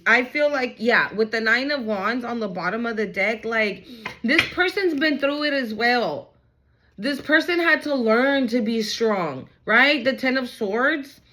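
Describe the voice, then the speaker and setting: A woman's voice: fairly high pitch, unhurried, pushed and bright, low-quality recording. Hyped, foul-mouthed woman reading tarot. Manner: hyped, blunt and swearing, talks straight to viewers. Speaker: tarot card reader. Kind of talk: casual tarot reading to viewers.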